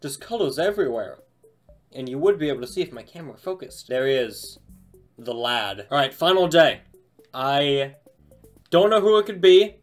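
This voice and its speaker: A man hosting a casual toy unboxing review, talking in an excited, chatty, slangy way. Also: medium pitch.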